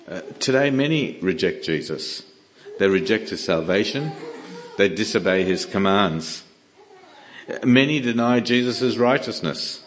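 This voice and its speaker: A male preacher with a somewhat low voice delivers a sermon. He talks in an earnest, emphatic way and often trips over the start of a sentence before pressing on. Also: expressive, unhurried, slight background noise. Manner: earnest, emphatic, with frequent restarts.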